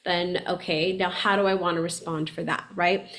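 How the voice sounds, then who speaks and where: A woman's voice: on the low side, normal speed. Chatty woman coaching, asking "right?". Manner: chatty, animated, often asks "right?"; laughs often while talking. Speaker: podcast host and spiritual coach. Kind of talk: casual coaching talk.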